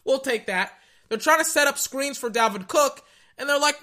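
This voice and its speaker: A young man giving casual, rambling reaction commentary on a football game, excitable and tripping over his words. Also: extremely high pitch, moderate pace. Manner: excitable, rambling, stutters and repeats himself.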